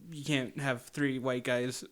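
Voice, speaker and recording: Man, smooth clear voice, podcast co-host, hesitant casual talk. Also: medium pitch, flat delivery, slow pace, fairly bright tone. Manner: hesitant, many ums and restarts. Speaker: podcast co-host reading listener questions. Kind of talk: casual chat.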